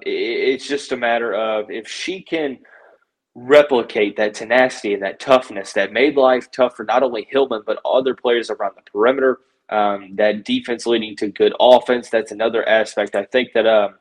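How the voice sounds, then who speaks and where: A man's voice: medium pitch, moderate pace, rough recording. A man hosting a sports podcast, breaking down a basketball game casually with many fillers and self-corrections.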